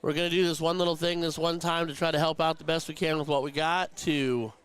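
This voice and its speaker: Stream host, male, slightly higher voice, warm-hearted live darts commentary. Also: level tone, fast, clean tone. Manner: chatty, heartfelt, emotional. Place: darts tournament venue.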